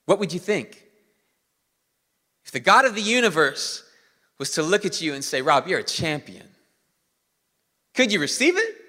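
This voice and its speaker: Bright animated preacher in a reverberant hall. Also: male voice, high voice, normal speed, pauses often. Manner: animated preaching, leans on the congregation. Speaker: pastor. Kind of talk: sermon.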